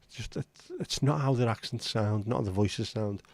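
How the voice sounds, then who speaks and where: A man's voice: lowish voice, normal speed, gravelly, no room sound. A man hosting a livestream in casual, rambling chat, blunt and now and then swearing. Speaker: livestream host.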